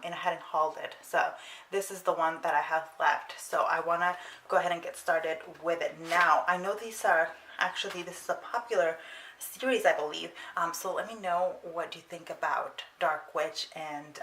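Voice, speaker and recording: Young female book vlogger, casual and chatty, slightly low voice, some faint background hiss. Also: steady tone, normal speed, bright, forceful tone. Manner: chatty, with frequent ums and restarts. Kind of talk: casual chat. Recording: roomy sound with faint noise.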